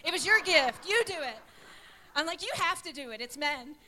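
A woman's voice: high voice, normal speed. A woman, a pastor's wife, preaching a sermon and telling personal stories animatedly, acting out dialogue. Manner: animated, storytelling with acted-out dialogue.

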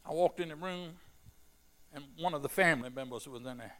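A middle-aged man preaching a sermon, telling stories quietly and then rising to shouted fervor. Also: on the high side, fairly quick.

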